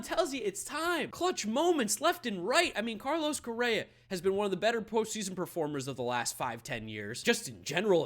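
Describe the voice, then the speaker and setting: A young man talking to camera as an excitable sports fan vlogger. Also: sits high. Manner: excitable, animated, yells in bursts.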